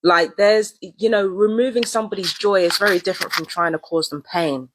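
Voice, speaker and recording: This vlogger chats on and on in a relaxed, repetitive way, full of casual slang. Her medium-pitched voice moves a little fast, and there's noise in the background.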